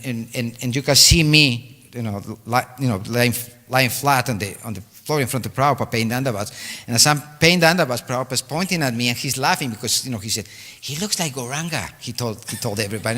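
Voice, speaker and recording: An older man telling a personal story at a memorial talk, halting and full of fillers and restarts. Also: mid-range voice, bright, forceful tone. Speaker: devotee giving a homage talk. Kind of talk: storytelling reminiscence. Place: temple hall. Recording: long hall reverb.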